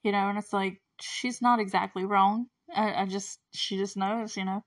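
A woman's voice: medium pitch, fairly even intonation, normal speed, no room sound, far from the mic. A woman hosting a casual solo podcast, chatty and effusive, laughing often as she recaps a show. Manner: chatty and effusive, laughs often, quotes characters in brief put-on voices.

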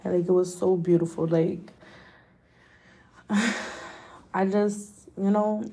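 A woman's voice: fairly low pitch, fairly even intonation, takes it slowly, dark tone, breathy edge. A young woman hosting a podcast, telling a personal story in a candid, emotional way, swearing often and filling her talk with "like". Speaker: podcast host.

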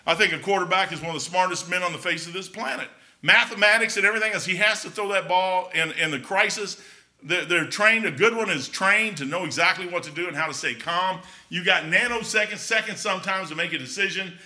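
A man's voice: high voice, brisk, bright, forceful tone. A middle-aged man with a folksy, blunt manner gives a casual, rambling talk with a preaching edge, full of restarts and asides. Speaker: Christian speaker.

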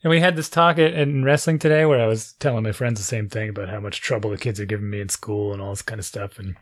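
A man in a casual chat, telling a story with animated quoted dialogue and frequent laughter. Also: fairly low pitch, fast.

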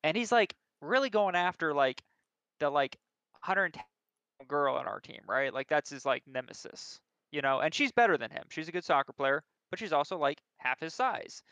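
Bright, crisp-voiced young man telling a story. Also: on the high side, normal speed, no echo. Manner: animated, self-deprecating storyteller. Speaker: podcast co-host. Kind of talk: casual storytelling chat. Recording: dull lo-fi recording.

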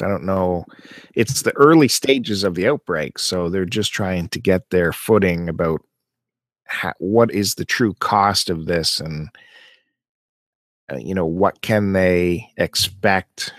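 A man with a fairly low voice co-hosts a casual podcast chat, recorded dry and close. He talks easily and breaks into animated, exasperated rants. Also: slow, dry recording. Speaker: podcast co-host.

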